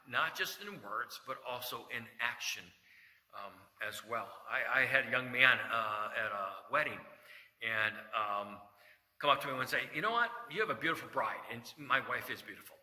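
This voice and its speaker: A man's voice: medium pitch, normal speed, bright, forceful tone. A middle-aged male pastor giving a folksy sermon, telling corny jokes and reading scripture. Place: church sanctuary. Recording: echoey church hall reverb.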